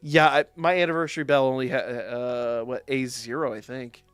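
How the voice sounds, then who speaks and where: A man's voice: mid-range voice, fairly even intonation, moderate pace, a bit bright, clear, resonant tone, no room sound, soft background music. A man streaming a game live, talking to chat in a loose, casual way and swearing and ranting whenever the game frustrates him. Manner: swears a lot, rants in frustration. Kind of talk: live gameplay stream commentary.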